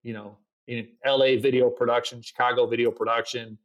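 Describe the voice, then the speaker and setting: A man's voice: medium pitch, flat delivery, fairly quick, lo-fi sound. A middle-aged man, a podcast guest, telling a story in casual interview talk and acting out his own quoted lines. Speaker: podcast guest, agency founder.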